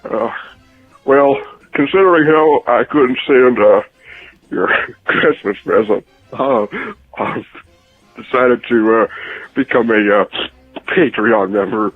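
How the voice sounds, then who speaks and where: A man's voice: medium pitch, soft background music. A man leaving a rambling voicemail, stalling constantly with filler sounds, heard over a phone line. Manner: halting, full of uh fillers. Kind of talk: voicemail message.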